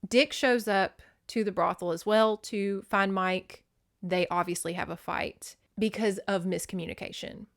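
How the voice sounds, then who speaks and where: Animated woman recapping with dramatic quoted voices. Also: mid-range voice. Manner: animated, acts out characters' lines with exaggerated voices. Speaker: podcast host. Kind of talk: casual book recap.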